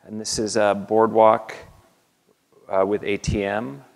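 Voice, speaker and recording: Low, gravelly man in a reverberant lecture hall. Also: flat delivery, darkish tone. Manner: halting, with many fillers and restarts. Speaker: artist giving a lecture. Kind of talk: slide talk to an audience.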